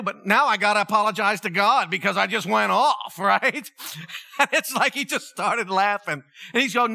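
Bright, high-voiced man preaching. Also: normal speed, vocal fry. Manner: conversational, animated storytelling with laughs. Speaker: pastor. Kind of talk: sermon. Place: church.

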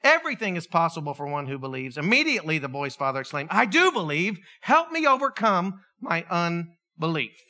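A middle-aged male pastor preaching a sermon, telling stories with animation and acting out the voices of the people in them. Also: high voice. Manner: animated storytelling, acts out voices.

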